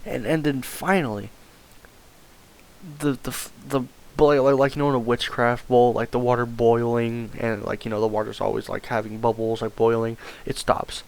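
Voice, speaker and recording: A man's voice: medium pitch, level tone, moderate pace, gravelly, darkish tone. A man telling a rambling comedic story, stammering and repeating words and swearing often.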